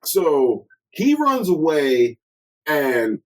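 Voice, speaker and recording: A man's voice: fairly high pitch, very slow, rough recording. Slangy, profane man in casual chat. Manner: profane, slangy and animated, laughing often. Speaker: podcast co-host reviewing a film.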